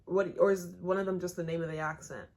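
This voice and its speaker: American woman, young adult, low-ish voice, chatty exclaiming reaction host. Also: fairly even intonation, fast talker, darkish tone, a little hiss or hum. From United States. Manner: chatty, exclaiming, asks questions aloud. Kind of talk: casual reaction commentary.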